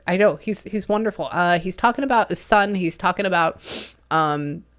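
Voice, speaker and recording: A woman's voice: lowish voice, moderate pace, fairly bright tone. Chatty woman medium rambling with fillers. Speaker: spiritual medium. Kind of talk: casual reading session.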